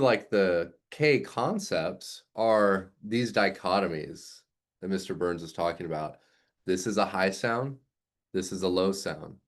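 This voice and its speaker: A man in his thirties, a music teacher explaining his method in casual talk and acting out sounds with his voice. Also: low voice. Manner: animated, demonstrates sounds with voice play.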